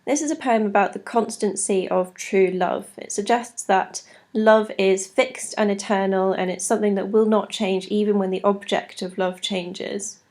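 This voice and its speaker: Gravelly-voiced woman teaching poetry. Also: mid-range voice, steady tone, darkish tone. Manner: clear, measured explaining, sounding out rhythms. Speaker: English teacher. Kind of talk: recorded literature lesson.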